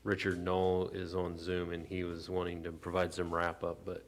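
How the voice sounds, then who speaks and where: A man's voice: sits low, completely flat delivery, moderate pace, a little hiss or hum. A man, a city staff member, speaks politely and tentatively at a council meeting.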